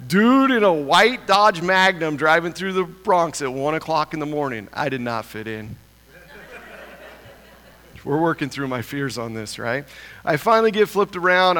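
A pastor from Idaho telling a humorous, self-deprecating story in a sermon. He talks in an animated way and chuckles often. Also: fairly high pitch. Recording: long reverb of a large hall.

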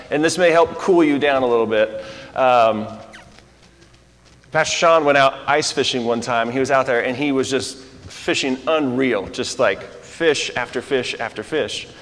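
A man's voice: a little high, a bit bright. A man preaches a sermon with a slightly raised voice. His words ring out in a hall with a long reverb tail. He moves from light storytelling to earnest teaching. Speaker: pastor. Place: air-conditioned church hall.

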